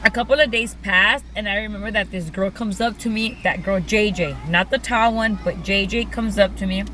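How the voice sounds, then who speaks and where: A woman's voice: medium pitch, moderate pace, pushed and bright, a little hiss or hum, rough recording. A young woman casually telling a personal story to her viewers, chatty and full of "like" and "you guys". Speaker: vlogger.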